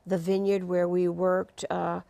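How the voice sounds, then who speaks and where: Lively older woman telling stage stories. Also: on the low side, a little slow, creaky. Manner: lively storyteller, laughs through tales. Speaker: actress guest. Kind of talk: talk-show anecdote telling. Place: TV studio.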